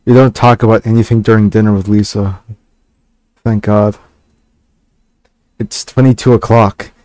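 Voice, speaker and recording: A man reading a text game aloud and stopping for hesitant, halting asides with fillers and restarts. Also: lowish voice, steady tone, darkish tone, no echo. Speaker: gaming channel host.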